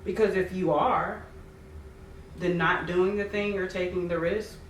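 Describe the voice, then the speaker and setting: A woman who is a podcast guest, giving measured, reflective advice in a casual chat. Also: lowish voice, fairly even intonation, a little hiss or hum. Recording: roomy, distant mic.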